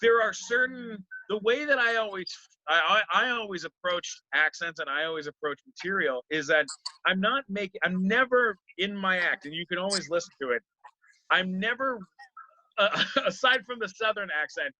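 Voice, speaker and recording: A male comedian talking casually, circling his points with fillers and restarts. His voice is sharp and forceful, sitting a bit high for a man. The sound is dry and slightly dull, with no room around it. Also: moderate pace, dry recording. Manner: rambling, many fillers and restarts. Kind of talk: casual interview chat.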